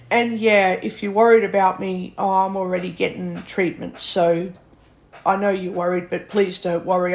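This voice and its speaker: A woman's voice: medium pitch, gravelly. A woman, ranting bluntly to camera in a vlog, swearing often and sounding exasperated. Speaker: vlogger.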